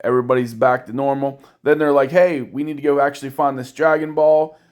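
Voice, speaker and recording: A man's voice: mid-range voice, fairly even intonation, brisk, a little mellow. A man recaps an anime episode in a loose, conversational way. He tells it irreverently, drops crude jokes along the way, and briefly voices the characters without fully acting them. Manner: irreverent, jokey retelling with crude asides. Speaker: anime reviewer.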